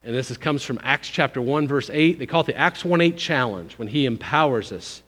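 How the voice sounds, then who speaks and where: A man giving a conversational, folksy missions sermon in a church, pushing up for emphasis and then dropping low. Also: animated, fairly quick, a bit bright. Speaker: visiting missions speaker. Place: church sanctuary. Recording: long hall reverb.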